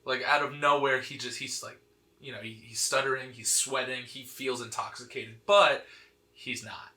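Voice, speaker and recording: An animated man tells a comic story to a friend in loose, casual chat, dotted with fillers and laughter. His voice is bright and forceful, sitting at an ordinary pitch for a man. The recording rings with noticeable room echo. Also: moderate pace. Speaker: podcast host. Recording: echoey room.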